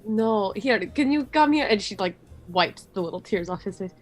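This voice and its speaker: A woman player in a tabletop role-play, speaking in slow, broken English as a stern, motherly female barbarian. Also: mid-range voice, lively intonation, soft background music.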